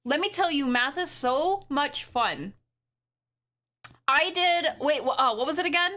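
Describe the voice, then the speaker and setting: A woman streaming live, chatting casually to her viewers in an excitable, rambling way with frequent giggles. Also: high-pitched, a little slow. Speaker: streamer and animator. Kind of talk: casual livestream chat.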